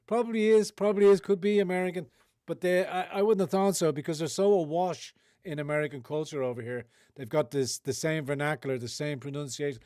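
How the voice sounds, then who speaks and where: An Irish man hosts a livestream, his commentary a rambling rant full of sarcasm and curses. His voice sits at an everyday middle pitch, recorded close and dry with no room sound. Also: darkish tone, dry recording. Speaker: livestream host.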